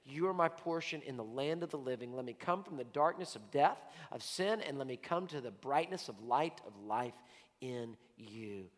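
A man preaching a sermon as pastor, swinging between loud urgent calls and hushed whispers. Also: mid-range voice, animated, normal speed. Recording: long reverb of a large hall.

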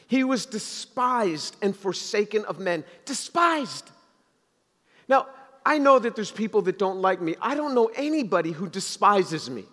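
A man's voice: high-pitched, sing-song, measured pace, a bit bright. A man preaching a sermon, talking conversationally and building to emphatic exhortation. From Jewish background in the US. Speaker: pastor. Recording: long reverb of a hall.

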